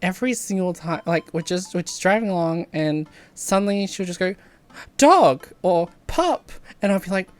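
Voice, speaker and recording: A woman game streamer chatting casually while she plays, animated, laughing often and swearing freely. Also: on the low side, a little fast, few pauses. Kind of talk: casual chat while playing.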